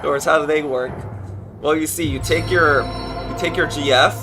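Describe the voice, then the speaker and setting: A man's voice: mid-range voice, steady tone, normal speed, music in the background. A man streaming a game, chatting casually and ad-libbing jokes over it. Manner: jokey, ad-libbing, breaks into laughter. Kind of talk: casual gaming stream chat.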